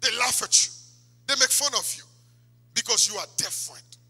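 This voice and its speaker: A man preaching a sermon in a church, swinging from loud exhortation to quiet asides. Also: extremely high pitch, moderate pace, husky. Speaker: pastor. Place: church sanctuary. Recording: long church hall reverb.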